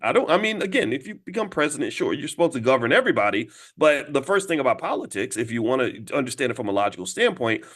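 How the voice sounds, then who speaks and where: A male commentator and host delivers a rapid political monologue, talking directly to his audience and urging them to respond. He stops and restarts words for emphasis, and his pitch leaps upward whenever he drives a point home. His tone is fairly bright with a sing-song lilt.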